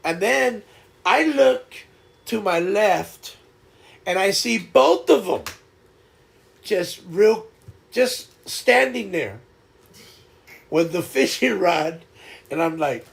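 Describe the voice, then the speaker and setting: A man hosts a live stream and chats casually, laughing often as he tells his story. His voice sits high and is heavily gravelly with fry. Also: expressive, slow pace, long pauses.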